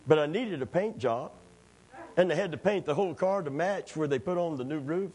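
A middle-aged man, preaching as a pastor in a church, telling stories in an animated way, acting out quoted voices and laughing at his own stories. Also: a little high, a little fast, slightly rough. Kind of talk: storytelling sermon.

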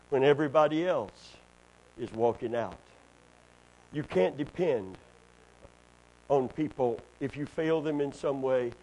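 A middle-aged pastor with a high voice delivers a sermon, surging into loud, soaring lines before dropping into low, quiet asides to the congregation. The recording is rough.

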